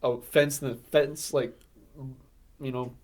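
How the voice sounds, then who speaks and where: A man's voice: mid-range voice, steady tone, takes it slowly. Man, podcast co-host, casual movie recap, rambling, lots of fillers. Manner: rambling, filler-heavy, laughs often.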